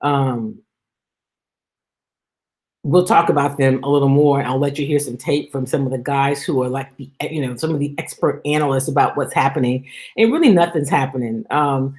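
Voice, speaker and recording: A woman hosting a sports talk show, giving emphatic, exasperated commentary in a casual style, reading and answering listener comments. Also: moderate pace. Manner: emphatic, exasperated, animated pitch jumps.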